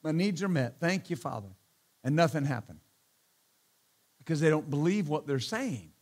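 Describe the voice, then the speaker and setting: A man preaches in a notably high voice, punching his points with hallelujahs and amens. He is a middle-aged pastor who slips into teasing asides before returning to the sermon. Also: lively intonation, normal speed, darkish tone. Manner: emphatic, repeats hallelujah and amen, joking asides.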